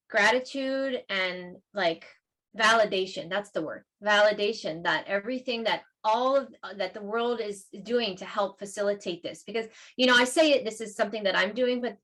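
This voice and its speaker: A woman's voice: medium pitch, moderate pace, fairly bright tone. Emotional woman telling a story. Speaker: guest, learning center founder. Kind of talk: casual chat.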